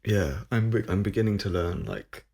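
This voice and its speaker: Husky man with a standard English accent. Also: sits low, big pitch swings, moderate pace, a little mellow. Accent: near-standard southern English. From Somerset, England. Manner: thoughtful, hesitant, with fillers. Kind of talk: casual podcast chat.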